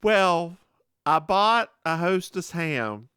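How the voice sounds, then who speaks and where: A podcast co-host telling stories in casual chat, animated and laughing often. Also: mid-range voice, takes it slowly, smooth, no echo, studio quality.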